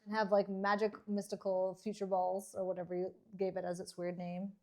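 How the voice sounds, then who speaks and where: A woman's voice: medium pitch, monotone, brisk. A woman from Canada co-hosting a casual podcast, dry and teasing, often laughing. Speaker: dentist and podcast co-host.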